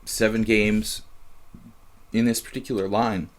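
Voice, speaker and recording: A man with a lowish voice talks through a live chess game as he plays. He muses aloud in a halting way, trailing off and starting over, with frequent fillers between thoughts. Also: flat delivery. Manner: musing, halting, many fillers and restarts. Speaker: chess streamer and commentator.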